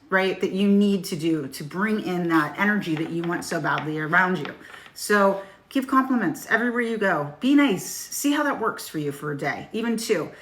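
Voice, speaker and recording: Woman, middle-aged, tarot reader, live-stream chat, blunt and casual, swears, lowish voice. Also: fairly bright tone. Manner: frank, casual, swears freely. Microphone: phone.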